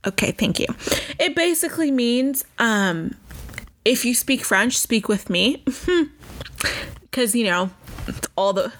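A woman's voice: a little high, expressive, slow, pauses often, fairly bright tone. A woman in her early twenties from the United States, chatting casually and animatedly on her own podcast, joking and swearing as she goes. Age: 20s. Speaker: podcast host. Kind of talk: casual solo podcast chat.

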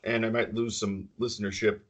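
Podcast co-host, man with a lowish voice, loose and opinionated, quick to laugh. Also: little pitch movement. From central New York. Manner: laughs often, rambling and opinionated. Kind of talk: casual chat.

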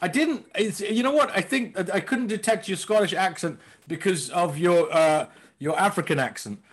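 A comedian guest chatting playfully over a video call, rambling and laughing often. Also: male voice, sits high, lively intonation, normal speed. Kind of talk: casual comedic chat.

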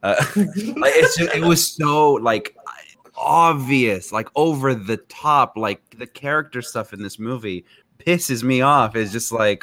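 A man co-hosting a casual movie review chat in a relaxed, wry way. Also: medium pitch, slow. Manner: relaxed, wry, laughs easily. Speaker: podcast co-host.

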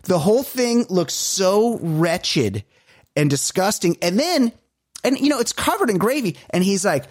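A man co-hosting a podcast, telling stories in casual chat with animated, exasperated swearing. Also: high-pitched, normal speed, slightly rough, no room sound, clean studio sound. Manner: animated, profane, exasperated storytelling. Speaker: podcast co-host.

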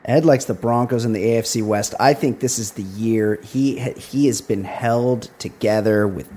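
A man's voice: on the low side, dark tone, husky. Wry, opinionated male podcast host. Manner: wry, opinionated, quick asides. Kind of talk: casual sports chat.

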